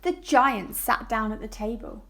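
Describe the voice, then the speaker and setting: A woman's voice: a little high, fairly bright tone. A woman teacher, reading a story aloud to young children and asking them questions. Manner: slow and clear, asks children questions. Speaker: primary school teacher.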